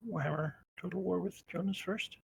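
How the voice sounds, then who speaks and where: A tired man, a player in an online tabletop game, chatting in a relaxed, low-key way and often trailing off. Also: a little fast, creaky, a little hiss or hum. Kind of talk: casual chat.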